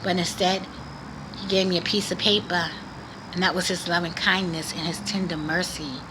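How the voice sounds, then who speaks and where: A woman's voice: lowish voice, level tone, normal speed, background noise. A woman vlogger earnestly sharing a religious testimony in casual, preachy talk, repeating phrases for emphasis. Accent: Boston area.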